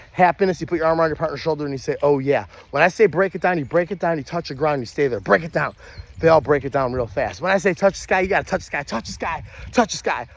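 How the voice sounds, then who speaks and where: A young adult man who works as a party entertainer, explaining kids' party games in an energetic how-to style and breaking into loud high shouts when he acts out the calls.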